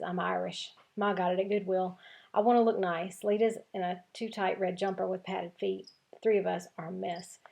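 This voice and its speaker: Gravelly woman teacher reading aloud. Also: medium pitch. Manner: expressive, lively voicing of dialogue. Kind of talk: reading a chapter book aloud.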